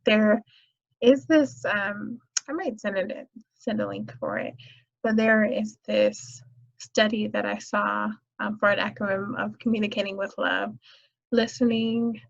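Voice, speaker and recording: A woman with a medium-pitched, gravelly voice speaks a little slowly in a steady tone on a dull lo-fi recording. Hosting a casual solo podcast, she chats and tells stories with many fillers.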